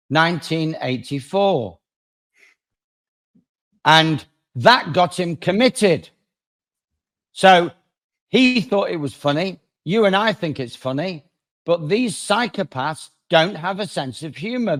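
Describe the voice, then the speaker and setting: Animated male lawyer telling a story. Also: a little high, unhurried. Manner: animated, dramatic swings in loudness. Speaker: guest, lawyer. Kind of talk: conversational storytelling.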